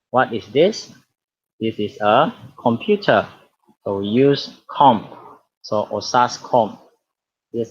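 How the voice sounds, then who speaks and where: A man with a Malaysian accent teaching an online English lesson, patiently repeating key words and saying "okay" often. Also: medium pitch. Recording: dull lo-fi audio.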